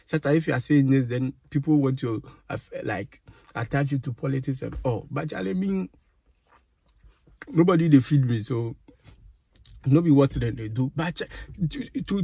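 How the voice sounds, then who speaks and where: Ghanaian man vlogger, slightly high husky voice, dry close sound, indignant rant. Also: dark tone, no room sound. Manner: exasperated, indignant, mixes Pidgin and Twi. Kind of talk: ranting commentary.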